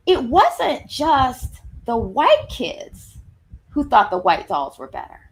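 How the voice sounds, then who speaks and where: Woman in her fifties, Southern accent, raised pitch, gravelly edge, lively storytelling presentation. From Long Island, New York. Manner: animated storytelling with emphatic shifts in pace. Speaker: speaker on workplace anti-racism. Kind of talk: presentation to an audience.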